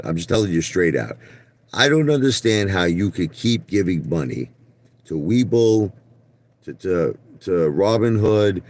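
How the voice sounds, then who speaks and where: Deep voiced guy ranting at his chat on a live stream, blunt, keeps tripping over his words. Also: a little mellow. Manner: blunt, repetitive, stumbles and restarts; talks straight to chat viewers by name. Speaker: livestream host.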